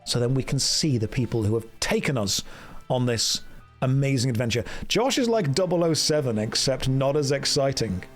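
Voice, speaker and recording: A man's voice: mid-range voice, expressive, normal speed, faint music behind. A man chatting on a live game stream in a joking, self-mocking way. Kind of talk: casual live-stream chat.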